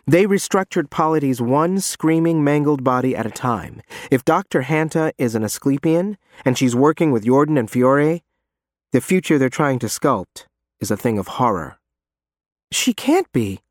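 A man narrating a first-person story in a measured, tense way, his voice sitting at an average pitch. The recording is dry and close, with no room echo. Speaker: audiobook narrator.

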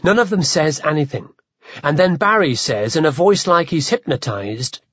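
A male narrator reads a story aloud with lively, shifting pitch and a slightly husky tone. The recording is dull and dry. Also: no echo. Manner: vivid, measured storytelling. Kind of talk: audiobook narration.

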